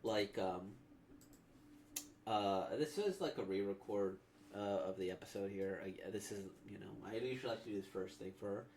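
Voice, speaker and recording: A man's voice: on the low side, moderate pace, darkish tone, a little hiss or hum. A man reacting to a comic he has just read, talking casually in a rambling way full of fillers. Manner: rambling, filler-heavy talk. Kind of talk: casual commentary.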